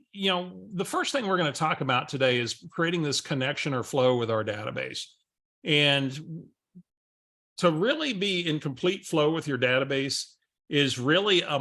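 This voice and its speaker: A man's voice: a little high, bright, forceful tone. A man co-hosting a coaching webinar, talking conversationally and acting out bits of dialogue as he tells a story. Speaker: real estate coach, co-host.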